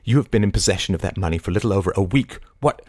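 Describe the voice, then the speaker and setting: Man playing an agitated, bitter young gentleman. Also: sits low, lively intonation, very fast, no echo, studio quality, pitched below the performer's own voice. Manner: anguished, stammering, reproachful.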